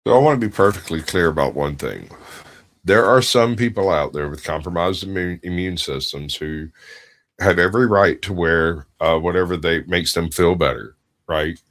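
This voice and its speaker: Middle-aged man, very low voice, crude laughing storyteller, casual podcast chat. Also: normal speed, fairly bright tone. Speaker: podcast co-host.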